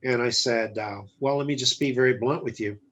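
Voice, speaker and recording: A man speaking at medium pitch and a little fast recounts a personal story as a guest entrepreneur in a casual interview. His retelling is blunt and lively, full of quoted dialogue that he acts out.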